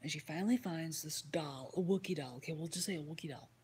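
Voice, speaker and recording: A woman's voice: sits low, fast talker, darkish tone, a little hiss or hum. A woman hosting a livestream, casually retelling a story and answering chat, swearing freely and slipping into whispered asides. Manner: reads and answers chat comments. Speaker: livestream host.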